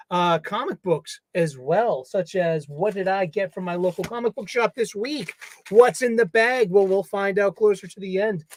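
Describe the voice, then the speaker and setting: A man's voice: sits high, dry recording. A man hosting his own casual solo livestream from a home studio, playful and jokey, chatting to the stuffed animals around him. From United States. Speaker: livestream host.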